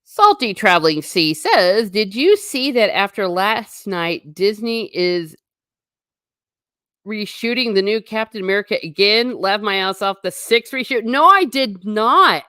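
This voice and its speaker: A woman hosting a casual livestream, reading out viewer comments and answering them in an animated, sarcastic way with blunt asides. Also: mid-range voice, measured pace, clean tone, no echo, clean studio sound. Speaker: host.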